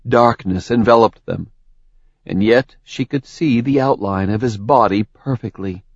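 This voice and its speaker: A man narrating a dark fantasy novel in a measured, even reading. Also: on the low side, no echo, muffled recording. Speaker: audiobook narrator.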